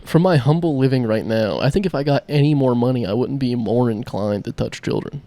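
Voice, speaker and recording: A young man with a gravelly, creaky voice, recorded close and dry. He co-hosts a casual podcast, delivering stories wryly and deadpan while chuckling at his own jokes. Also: mid-range voice, brisk, no room sound. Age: young adult. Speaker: podcast co-host. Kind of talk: casual chat.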